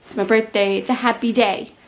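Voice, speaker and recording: A woman's voice: a little high, steady tone, fairly quick. A woman in her thirties talking candidly to camera in a casual home vlog, chatting directly to her viewers. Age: 30s. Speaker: vlogger.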